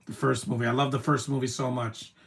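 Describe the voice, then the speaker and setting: A man streaming his reaction to a movie, talking in an emotional, rambling way with many "man" tags and the odd loud taunt. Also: medium pitch, flat delivery, fairly quick. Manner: soft-spoken, with sudden loud taunting outbursts. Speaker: live streamer.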